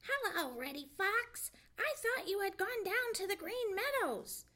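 Mischievous male jay, screechy and teasing, pitched way up; a woman puts him on. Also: sing-song, slow pace, fairly bright tone, exaggerated voice. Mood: sly.

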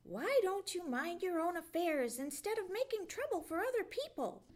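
A woman's voice: very high-pitched, big pitch swings, moderate pace, darkish tone, pitched above the performer's own voice. A woman doing a snarling cross fox. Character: cross, snappish male fox, sly hunter.

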